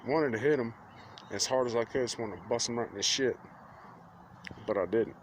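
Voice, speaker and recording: A man's voice: mid-range voice, normal speed. A young man, telling a story to camera in a plain-spoken, earnest way. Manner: plain-spoken, earnest, quotes others in conversation. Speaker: vlogger. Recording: faint outdoor street noise.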